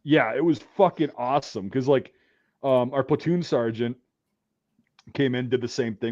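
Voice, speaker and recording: A man hosting a casual podcast, telling profane army stories in an animated way. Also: medium pitch, normal speed, dry recording, lo-fi sound. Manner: profane, animated, shouts out quoted rants. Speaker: podcast host. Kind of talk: casual storytelling chat.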